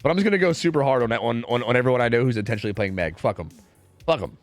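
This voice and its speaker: Animated trash-talking male game caster. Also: medium pitch, rapid-fire, faint music behind. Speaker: streamer casting esports scrims. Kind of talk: live game commentary.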